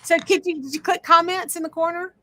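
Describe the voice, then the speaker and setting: A middle-aged woman hosting a craft livestream, chatting casually and talking loudly so her guest can hear over the audio trouble. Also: extremely high pitch, steady tone, brisk. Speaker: livestream host.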